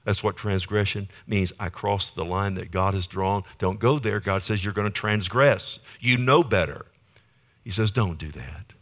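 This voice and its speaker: Male pastor, lowish voice, preaching with rising fervor and drawn-out scripture lines. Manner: preaching with rising emphatic bursts and slow drawn-out scripture reading; asks the congregation "Amen?". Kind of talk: sermon.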